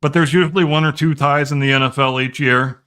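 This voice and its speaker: A man with a bright, forward-placed voice talks through an explanation in a relaxed podcast conversation. He goes on at length and often stumbles into repeated words as he restarts his sentences. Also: a little high, a little fast, smooth. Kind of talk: casual chat.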